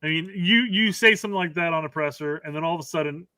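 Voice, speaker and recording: Bright, dry-sounding podcast co-host, a man. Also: fairly high pitch, fast talker, clear, resonant tone, dry recording. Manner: profane, laughing, loose. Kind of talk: casual chat.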